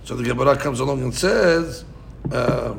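A man's voice: mid-range voice, normal speed, creaky, slight background noise. A man teaching a Talmud class, thinking aloud and restarting often, with Hebrew and Aramaic terms mixed into his English.

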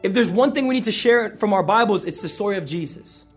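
A man preaching a sermon as pastor, in an energetic, conversational style that repeats key phrases for emphasis. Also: high-pitched, fast talker, soft background music.

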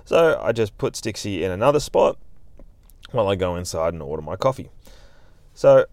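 A man's voice: sits low, sing-song, moderate pace, darkish tone, no echo. A man hosting a podcast, telling a story in a chatty, laid-back way. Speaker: podcast host, dog trainer. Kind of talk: casual storytelling monologue.

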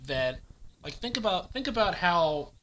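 A man's voice: high voice, very animated, measured pace, fairly bright tone, slight background noise, poor audio. A man co-hosting a casual podcast chat, talking animatedly and throwing in movie quotes with gusto. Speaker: podcast co-host.

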